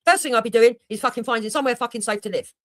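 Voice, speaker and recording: A woman's voice: a little high, rapid-fire, no room sound. A woman doing heated reaction commentary on a livestream, blunt and mocking, with heavy swearing. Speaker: livestreamer reacting to another streamer.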